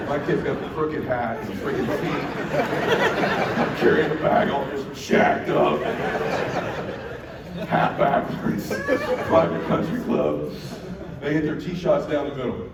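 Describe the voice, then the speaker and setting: A man giving a motivational keynote, telling a story in an animated way, acting out quotes and bursting into shouts. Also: medium pitch, a little slow, a loud crowd. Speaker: keynote speaker. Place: large event hall. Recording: echoey hall, mic from far off, noisy.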